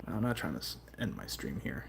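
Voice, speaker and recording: A man's voice: sits low, big pitch swings, brisk, gravelly, very noisy. A young man streaming live, talking in a casual, profane, rambling way that turns heartfelt. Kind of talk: casual livestream chat.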